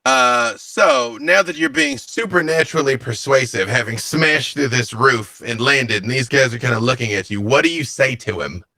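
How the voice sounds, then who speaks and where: A man running a tabletop role-playing game as game master, narrating the scene with lively storytelling. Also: medium pitch, moderate pace, creaky, few pauses, no room sound.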